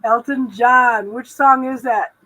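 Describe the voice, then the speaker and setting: A woman hosting a live spiritual talk stream from her home, rambling gently through spiritual advice with lots of fillers and restarts. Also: on the high side, steady tone, takes it slowly, no echo, low-quality recording. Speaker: host.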